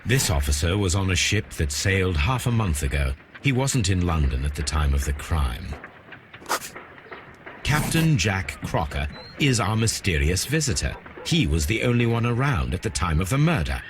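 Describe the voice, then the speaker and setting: An actor playing a calm, measured male detective in a game, speaking with precise deductions. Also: deep voice, noisy background. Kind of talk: game voice acting.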